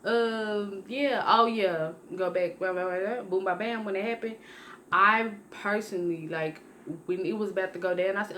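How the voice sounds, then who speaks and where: A woman's voice: mid-range voice, normal speed, a little hiss or hum. A young woman vlogger telling a personal story in a casual, rambling way, restarting and correcting herself often. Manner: rambling, conversational, with many restarts and self-corrections; lively when acting out her own past lines.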